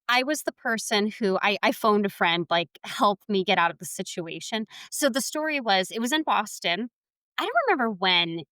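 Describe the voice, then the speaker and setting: A woman co-hosting a podcast, telling stories in a casual, animated way and laughing often. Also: mid-range voice, no echo. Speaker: podcast co-host. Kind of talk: casual chat.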